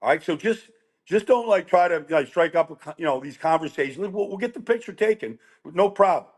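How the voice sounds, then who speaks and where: A middle-aged man telling animated, rambling stories as a guest on a chat show. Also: high voice, a little fast. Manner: animated, rambling with restarts and quoted voices. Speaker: guest storyteller. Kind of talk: casual storytelling chat.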